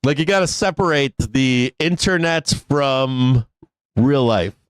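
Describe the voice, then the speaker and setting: A man's voice: medium pitch, slow, clean tone, dry recording. Profane, laughing male stock stream host. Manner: profane, laughs often, rants. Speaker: stock market livestream host. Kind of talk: casual profane livestream chat.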